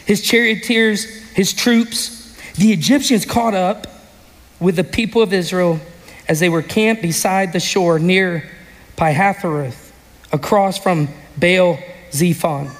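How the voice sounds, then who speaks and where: Male pastor, high voice, animated sermon with shouted peaks, recorded in a hall with long reverb. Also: slow. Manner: animated storytelling, bursts into shouts. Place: church sanctuary.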